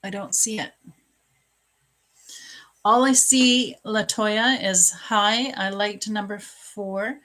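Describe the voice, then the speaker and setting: A middle-aged woman hosting a live psychic reading, answering viewer questions in a slow, soft-spoken, emotional and earnest way. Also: medium pitch, steady tone, poor audio.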